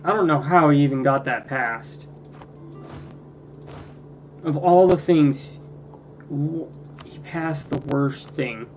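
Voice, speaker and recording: A man's voice: fairly high pitch, slow pace, pauses often, darkish tone, faint music behind. A man commenting casually on his strategy game, muttering and ranting in frustration at it. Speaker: gameplay video creator.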